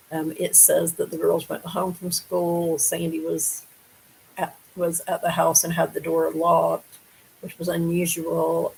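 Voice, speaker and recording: A woman talks through a true-crime case in a level, monotone delivery, her voice carrying a gravelly fry. She reads from reports and pokes holes in the story aloud, stopping often for conversational asides. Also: on the low side, slight background noise, poor audio. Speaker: true-crime show host. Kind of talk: casual true-crime commentary reading from articles.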